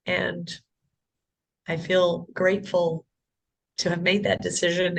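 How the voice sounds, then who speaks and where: Woman, interview guest, conversion testimony, earnest, emotional, repeats herself, mid pitch. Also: creaky, husky. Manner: earnest and emotional, with repetitions and restarts.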